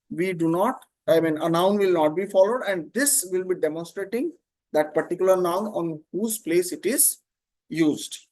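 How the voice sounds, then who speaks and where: A man teaching an online grammar class, explaining slowly, repeating terms and often checking "Okay?". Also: high-pitched.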